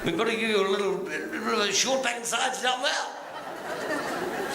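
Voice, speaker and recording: Man, crude stand-up joker, high voice, echoey hall, loud background noise. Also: animated, crowd noise. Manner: bawdy, crude, rapid-fire punchlines. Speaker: comedian. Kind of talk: stand-up joke telling.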